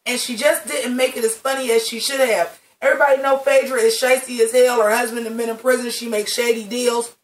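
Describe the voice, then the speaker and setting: A woman's voice: fairly high pitch, steady tone, a little fast, hardly any pauses. A woman reviewing a drag competition show in a casual vlog, talking sassy and slangy. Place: home video setup by a green screen. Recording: roomy, mic at some distance.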